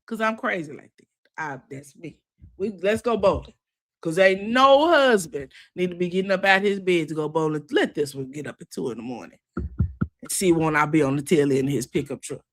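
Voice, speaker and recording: A middle-aged woman hosting a recap show, chatting casually and with sass. She talks straight to her viewers and laughs often. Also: mid-range voice. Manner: sassy, animated, quick to laugh. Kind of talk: casual opinionated chat.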